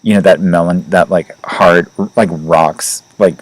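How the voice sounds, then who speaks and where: A man with a very low voice hosts a casual podcast chat. He rambles loosely and fills his sentences with "like" and "you know". Light laughs come between his points. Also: fairly even intonation, unhurried, no echo, low-quality recording. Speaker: astrology podcast host.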